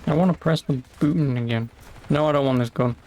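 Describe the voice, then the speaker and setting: British streamer lad, sarcastic banter with chat, swears a lot, faint game noise behind. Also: male voice, medium pitch, fairly quick, darkish tone. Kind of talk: casual live-stream chat while playing.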